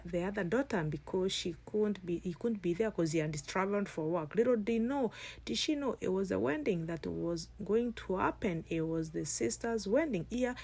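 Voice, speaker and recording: A woman's voice: mid-range voice, a little mellow, slightly rough. A woman vlogger chatting casually to her viewers as she retells a family story while cooking, rambling and restarting as she goes.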